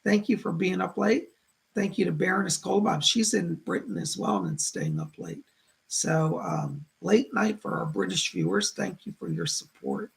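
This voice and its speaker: A man with a heavily gravelly, fry-laden voice talks casually to his live-stream audience. He is chatty and effusive and greets viewers one by one. He talks in an easy, rambling way, with fillers. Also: high-pitched, very animated, normal speed. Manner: chatty and effusive, greets viewers by name and reads their comments. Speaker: psychic livestream host.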